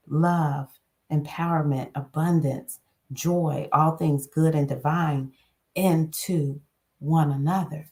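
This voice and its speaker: A woman's voice: sits low, fairly even intonation, takes it slowly, dark tone. A woman hosting a spiritual self-help talk, speaking in an earnest, encouraging, conversational way. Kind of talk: casual inspirational monologue.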